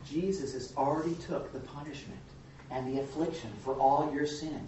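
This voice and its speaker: A man leading an informal Bible study, teaching in a rambling, halting way with many restarts and fillers. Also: a little high, fairly even intonation, noisy background. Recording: distant, echoey, lo-fi room recording.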